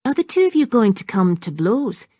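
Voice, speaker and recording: A woman voicing a refined young Highland woman with a soft, lilting Scottish accent, sly and teasing. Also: very animated, normal speed, no echo.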